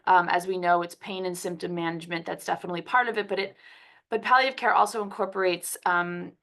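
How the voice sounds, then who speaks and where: Doctor lady from philly talking thru a cold, lowish voice, chatty webinar talk. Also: fairly even intonation, quick pace, a bit bright. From Philadelphia, US. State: has a cold. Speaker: physician giving a palliative care lecture. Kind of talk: webinar presentation.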